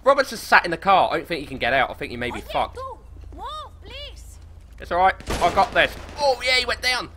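A man with a British accent commentating on his gameplay, excitable, swearing a lot and laughing often. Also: high voice, fairly quick, long pauses, noisy background. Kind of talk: casual let's play commentary.

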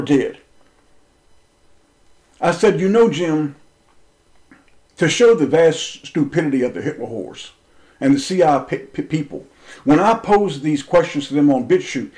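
A man telling a personal story as an impassioned monologue, intense and confrontational, swearing freely and swinging between raised and lowered speech. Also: darkish tone, low-quality recording.

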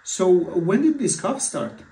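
A man's voice: sits high, sing-song, slow pace, dark tone. A man acting as a physician in a mock patient consultation, talking hesitantly with many fillers and restarts. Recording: echoey room, far from mic.

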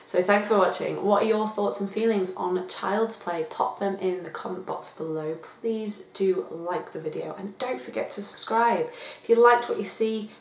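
A woman giving a chatty, expressive movie review, talking casually to her viewers. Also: mid-range voice, normal speed, slight background noise. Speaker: film reviewer. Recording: echoey room.

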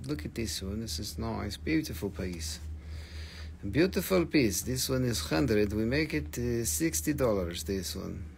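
A man hosting a live sale of stones, talking in halting, broken English with fillers while he names prices. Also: medium pitch, lively intonation, creaky, darkish tone, a little hiss or hum. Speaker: host of a live crystal sale. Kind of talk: live sales patter. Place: shop, indoors.

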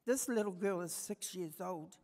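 An older woman with a New Zealand accent, giving a passionate personal storytelling talk at a conference, moving between soft and emphatic. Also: fairly low pitch, normal speed. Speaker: conference speaker. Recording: long hall reverb.

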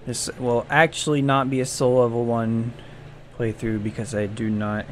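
A man's voice: medium pitch, level tone, moderate pace, slight background noise. A man giving comedic gameplay commentary, jumpy and self-mocking, yelping and groaning whenever danger shows up. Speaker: gaming video creator.

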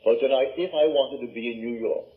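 A man's voice: mid-range voice, fairly quick. Older man, Barbadian accent, emphatic lecture, rhetorical questions, tinny old recording. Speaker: lecturer on scripture and imagination. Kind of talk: spoken lecture.

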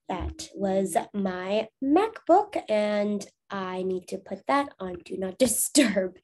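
A woman teacher reading a storybook aloud to her schoolchildren at home, clear and patient. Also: medium pitch, animated, takes it slowly, few pauses, a little mellow, slight background noise. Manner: clear, patient, asks the class questions.

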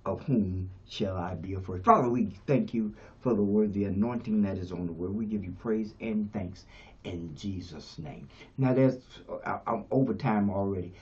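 A man in his seventies preaching a sermon as pastor, shifting between quiet talk and shouts. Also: moderate pace. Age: 70s. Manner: preaching, swings from low to shouting. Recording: dull lo-fi radio sound.

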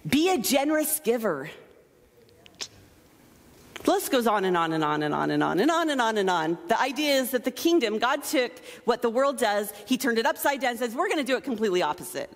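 Woman pastor, high voice, lively playful sermon delivery, long hall reverb. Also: brisk. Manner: animated, playful, self-mocking asides. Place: church sanctuary.

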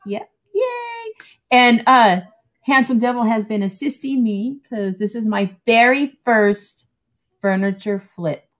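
A woman with a slightly high voice hosts a casual talk, gushing over her guests and telling stories with animated quoted voices. She sounds chatty and open. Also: takes it slowly. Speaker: host. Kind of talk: casual chat.

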